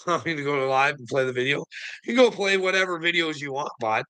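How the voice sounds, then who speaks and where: Man ranting with a forceful, tense voice. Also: a little high, a little fast, clear, resonant tone. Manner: taunting, sneering, laughs between jabs. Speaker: online commentator. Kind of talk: profane mocking rant to camera.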